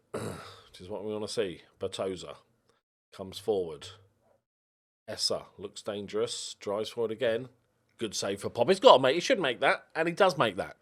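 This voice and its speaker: An animated man, a gaming YouTuber, delivers casual let's-play commentary in a lowish voice at a moderate pace, with long pauses. He speaks to the players on screen and yelps out of frustration.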